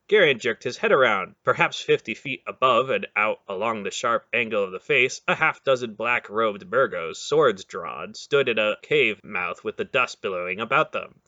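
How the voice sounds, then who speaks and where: A man narrates a fantasy novel in a steady storytelling voice. His tone sits low but bright and forceful. The recording is dry and a little dull. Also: no echo. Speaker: audiobook reader. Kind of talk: fan audiobook narration.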